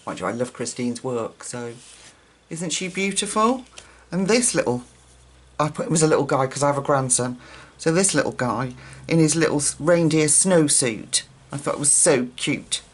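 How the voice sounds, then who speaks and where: A woman's voice: rumbling low, moderate pace, breathy edge. A grandmother chatting casually on her coloring channel, rambling and enthusiastic as she shows her pages. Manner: chatty, rambling, self-correcting, warmly enthusiastic.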